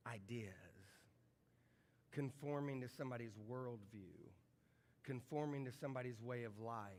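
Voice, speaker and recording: A middle-aged man preaching a conversational sermon, often repeating words and putting questions to the congregation. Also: medium pitch. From American Midwest. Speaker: pastor. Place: large church sanctuary. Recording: church livestream with long hall reverb.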